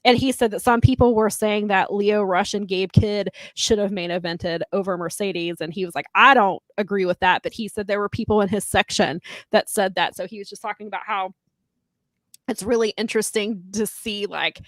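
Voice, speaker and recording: A woman's voice: medium pitch, fairly even intonation, moderate pace, dry recording. A woman co-hosting a wrestling podcast in casual chat, rambling through long retellings with lots of fillers. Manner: rambling, filler-heavy retelling of others' remarks. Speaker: podcast co-host.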